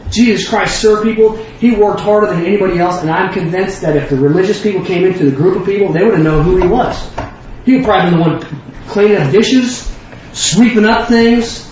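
A man preaching a sermon in an animated, emphatic, folksy way. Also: high-pitched, a little fast. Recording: echoey room, distant mic, dull lo-fi, faint hiss.

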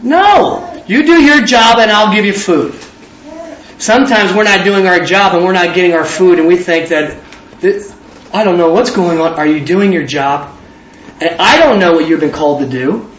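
A man's voice: high-pitched, lively intonation, moderate pace, a bit bright, a little hiss or hum. A man preaching an informal sermon, talking conversationally and acting out both sides of little dialogues. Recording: distant roomy hall, dull lo-fi sound.

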